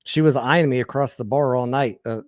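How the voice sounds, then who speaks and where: A man's voice: mid-range voice, a little fast, no echo, clean studio sound. A man with an American accent hosting a livestream, telling crude, rambling personal anecdotes in a candid, casual way with frequent restarts. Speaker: host.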